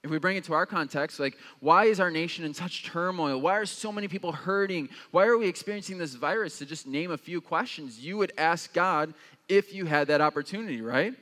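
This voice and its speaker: A young man preaching a casual, conversational sermon as pastor, with lots of fillers and lively jumps in pitch when he acts out reactions. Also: a little fast, long reverb tail.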